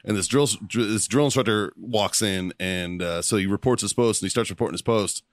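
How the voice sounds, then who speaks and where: A man's voice: lowish voice, brisk, dry recording, clean studio sound. A man hosting a podcast, telling profane, laughing stories from his time at boot camp. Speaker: podcast host, former Marine recruit. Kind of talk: casual chat.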